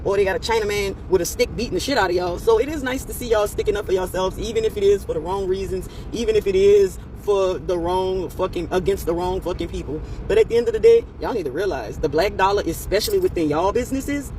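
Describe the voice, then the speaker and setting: High-voiced, blunt ranting man. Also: fast, few pauses, a little mellow, slight background noise, rough recording. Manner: profane, blunt, mocking. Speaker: commentator. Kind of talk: ranting commentary.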